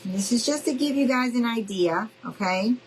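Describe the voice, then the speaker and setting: A woman's voice: a little high, animated, moderate pace, a little hiss or hum, rough recording. A middle-aged woman hosting a casual live crafting demo, chatty and friendly, calling her viewers y'all. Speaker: craft tutorial host.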